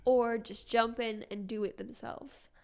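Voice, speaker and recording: A woman's voice: on the high side, fairly even intonation, unhurried, creaky, a little mellow. A woman hosting an interview, asking questions in a friendly way. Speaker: interview host.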